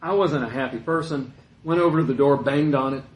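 A middle-aged man preaching a sermon in a conversational, storytelling way, dropping to a hush and rising again. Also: medium pitch, fairly quick, echoey room, poor audio. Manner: conversational, anecdotal, shifts between loud and hushed.

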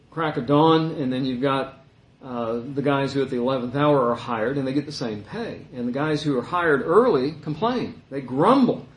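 A man giving conversational Bible teaching in an animated way, his voice jumping higher when he mimics the complainers. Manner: animated, voice rising high when quoting complainers. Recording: roomy echo.

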